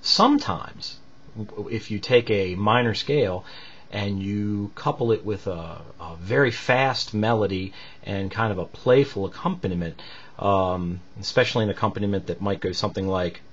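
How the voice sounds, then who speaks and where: Low-voiced man teaching a music lesson. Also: normal speed, fairly bright tone, breathy edge, lo-fi sound. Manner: patient, explanatory, many fillers. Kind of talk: recorded music lesson with piano demonstrations.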